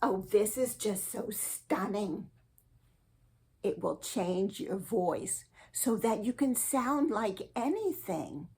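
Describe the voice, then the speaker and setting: A woman hosting a spiritual advice show, giving a slow, earnest and sweetly eccentric comic monologue. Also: medium pitch, animated, darkish tone, husky.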